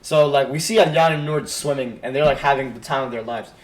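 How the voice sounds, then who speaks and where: A man's voice: mid-range voice, a little fast. A young man telling a story on a casual podcast, rambling with lots of fillers and acted-out quotes from his friends.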